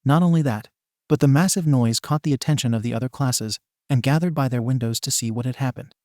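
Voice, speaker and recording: A man narrating a comedy fan story with a wry, tongue-in-cheek delivery. His voice is mid-pitched, and the recording is close and dry, with no echo. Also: brisk, darkish tone.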